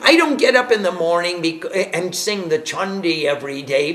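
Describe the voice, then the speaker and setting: A man teaching a devotional class as a spiritual teacher, animated and emphatic, laughing as he tells stories. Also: sits high, normal speed. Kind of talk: devotional class lecture with storytelling.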